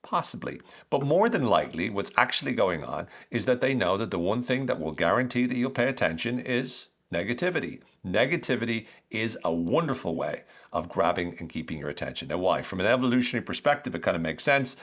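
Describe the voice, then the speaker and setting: A man hosting an educational podcast, explaining ideas in a conversational, animated way with rhetorical questions. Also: on the low side, a little fast, hardly any pauses. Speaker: podcast host.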